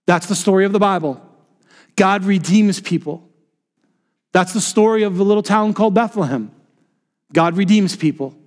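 Impassioned preacher in a reverberant hall. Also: male voice, moderate pace, long pauses. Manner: impassioned preaching, drops to soft low tones for emphasis. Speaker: pastor. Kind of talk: sermon.

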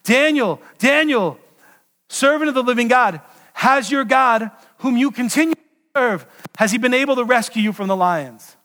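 A man's voice: very high voice, expressive, normal speed, pushed and bright, in a large hall, pitched above the performer's own voice, full character voice. A man voicing an anxious ancient king who calls out urgently into a lions' den. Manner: urgent, calling out.

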